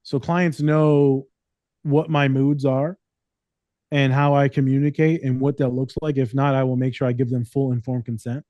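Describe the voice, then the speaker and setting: A therapist and podcast co-host telling stories in casual, profane, joking chat. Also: male voice, mid-range voice, little pitch movement, moderate pace, warm tone, no room sound.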